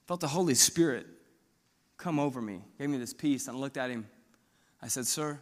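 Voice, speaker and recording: Bright-voiced young pastor preaching. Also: male voice, a little high, in a large hall. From Missouri. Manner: builds from quiet storytelling to loud preaching. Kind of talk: sermon with personal testimony. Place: church sanctuary.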